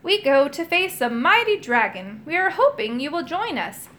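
A woman's voice: high voice, very animated, moderate pace, fairly bright tone, pitched above the performer's own voice. A woman voicing an earnest, anxious male would-be magician who sighs a lot, in a storybook reading. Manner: sighing, earnest.

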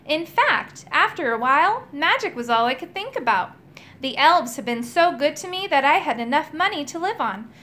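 A woman voicing a kindly elderly male magician who is new to magic, speaking softly and earnestly. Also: high-pitched, sing-song, moderate pace, heavily acted.

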